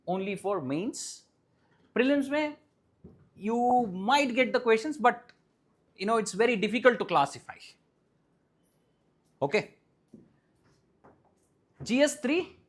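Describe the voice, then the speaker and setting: This Indian English-accented teacher lectures live to a classroom of students, her mid-range voice carrying a slightly bright quality. Questions to the class come often, along with checks on understanding, and important points get repeated slowly and with firmness.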